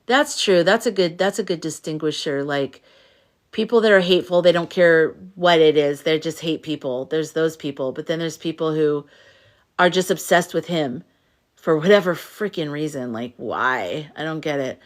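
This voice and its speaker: A woman's voice: low-pitched, moderate pace. Tired woman chatting on a livestream. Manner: chatty, reads viewer comments aloud and reacts. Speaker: livestream host reading chat comments. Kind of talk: casual live-stream chat.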